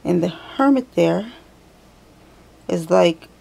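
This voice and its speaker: Woman, tarot reader, slow unhurried talk, gravelly edge, chatty, thinks aloud. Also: lowish voice, fairly even intonation, a little mellow. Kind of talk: casual tarot reading to camera.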